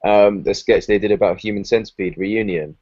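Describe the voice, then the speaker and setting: A man's voice: on the low side, steady tone, brisk, a little mellow. A young man chatting casually as a podcast co-host, rambling and laughing often as he retells comedy sketches. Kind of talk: casual chat. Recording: dry, slightly dull lo-fi sound.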